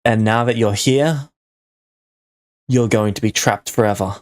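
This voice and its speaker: A man's voice: fairly low pitch, measured pace, dry recording, studio quality, close to an everyday voice. A man putting on a pompous villain clone. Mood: menacing. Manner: pompous, dramatic declarations that ignore questions. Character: grandiose male villain clone, theatrical menace.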